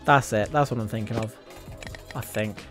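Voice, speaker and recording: A British man streaming a game live, talking in a rambling, sarcastic way with sudden excited outbursts. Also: fairly low pitch, moderate pace, over music. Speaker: gaming streamer. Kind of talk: casual live gameplay commentary.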